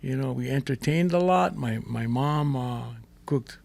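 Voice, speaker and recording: Older man, gravelly, lively storyteller, dry close mic. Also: mid-range voice, a little slow, no room sound. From Hawaii. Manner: lively storyteller with pidgin turns. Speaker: guest chef. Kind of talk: casual storytelling.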